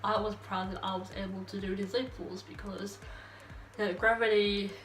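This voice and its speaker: A young Australian woman rambles cheerfully to herself with a slight tipsy looseness, her pitch sitting in an ordinary middle range. She is recorded on a phone at some distance, so her voice carries a roomy echo. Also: level tone, normal speed, a bit bright. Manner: rambling, chatty, talking to herself. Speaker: beauty vlogger. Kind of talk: get-ready-with-me chat. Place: bedroom at home under a ring light. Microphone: phone camera.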